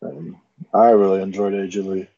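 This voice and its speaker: A man's voice: low-pitched, little pitch movement, normal speed, dark tone. A man co-hosting a podcast in laid-back, agreeable casual chat. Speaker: podcast co-host. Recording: dull lo-fi recording.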